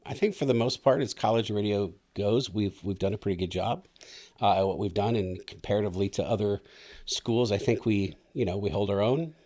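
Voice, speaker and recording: Deep-voiced middle-aged radio teacher. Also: male voice, fairly quick. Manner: relaxed, explanatory, laughs easily. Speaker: radio instructor and station manager, guest. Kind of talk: casual podcast interview.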